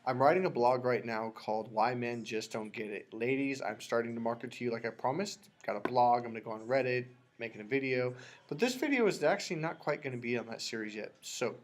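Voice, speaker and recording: A man's voice: mid-range voice, a little fast. A man hosting a casual on-camera interview, chatty and laid-back, asking short questions. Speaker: host.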